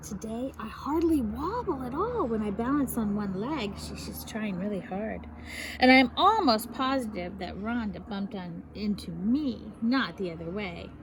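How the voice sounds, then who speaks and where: Animated woman reading a picture book aloud. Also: medium pitch, a little slow, noisy background. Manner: animated, explains fancy words to children.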